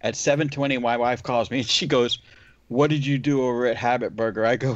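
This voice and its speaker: A man's voice: mid-range voice, steady tone, brisk. A man hosting a casual podcast chat, telling a long work story and acting out the dialogue. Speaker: window cleaner, podcast host. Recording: dull lo-fi audio.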